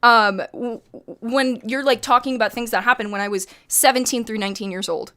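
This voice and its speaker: A woman's voice: a little high, fairly quick, sharp tone. A woman in her twenties venting to her stream chat, heated and emphatic, swearing often. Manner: heated, profane, emphatic ranting.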